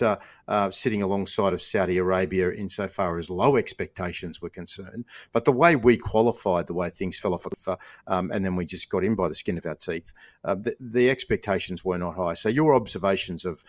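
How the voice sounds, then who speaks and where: Casting: male podcast host, very low voice, dry close sound, loose chatty delivery. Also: no room sound. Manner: chatty, filler-heavy. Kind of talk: casual chat with an ad read.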